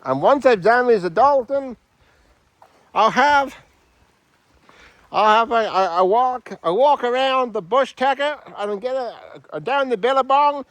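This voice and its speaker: A man's voice: very high voice, animated, measured pace, a bit bright, dry recording, heavily acted. A man voicing a cheery, rambling male Australian bush cook in a put-on Australian accent.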